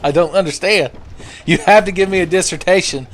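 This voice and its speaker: A man's voice: high voice, brisk, a little hiss or hum. A young man commenting on a video game he plays, joking and sarcastic, now and then breaking into silly singing. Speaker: gaming video host. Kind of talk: casual let's play commentary.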